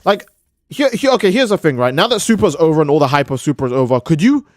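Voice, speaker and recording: A man's voice: on the high side, lively intonation, fast talker, dry recording, studio quality. A man streaming live, ranting in a heated, profane way and often restarting his sentences. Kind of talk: casual live-stream rant.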